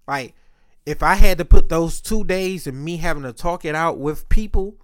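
A man's voice: on the high side, normal speed, fairly bright tone. A man talking in a casual monologue, rambling, profane and often interrupting himself.

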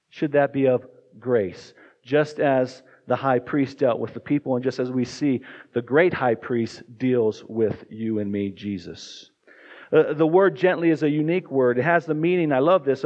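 A man's voice: on the high side, darkish tone. A male pastor preaching a sermon in a conversational way and often asking the congregation questions. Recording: dull lo-fi recording.

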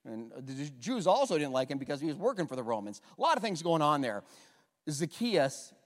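A man's voice: a little high, fairly quick. Guy preaching in a church, lots of jokes, voice bouncing up and down. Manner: animated, jokey, asks the congregation to repeat lines. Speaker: pastor. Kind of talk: humorous sermon. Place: church sanctuary. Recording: long hall reverb.

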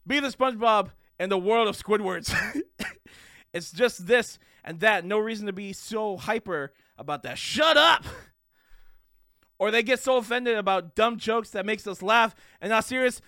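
A man with a very high, sharp, bright voice rants on a live stream, loud and full of swearing. The sound is dry and close, with no room echo. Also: animated, a little slow. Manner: loud, profane, fired-up ranting. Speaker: streamer and podcast host. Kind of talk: unscripted rant on a live stream.

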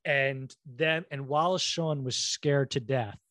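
A man's voice: mid-range voice, takes it slowly, a bit bright, dry recording, studio quality. A man co-hosting a casual chat, animatedly telling anecdotes with lots of "like" and "you know".

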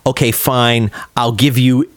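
A man's voice: mid-range voice, steady tone, unhurried, no echo, studio quality. A man co-hosting a podcast in casual chat, joking and asking pointed questions. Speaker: podcast co-host.

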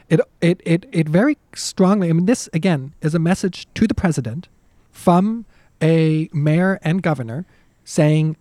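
A man co-hosting a casual history podcast, talking in an animated, emphatic way with frequent restarts. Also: fairly high pitch, moderate pace, dry recording. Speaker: podcast co-host and history lecturer.

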